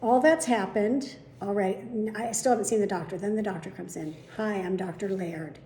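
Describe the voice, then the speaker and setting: A woman hosting her own daily vlog, telling her followers a story in a chatty, animated way, with casual swearing. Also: mid-range voice, a little fast, reverberant, slight background noise. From United States. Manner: chatty, profane, animated retelling. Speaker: vlog host.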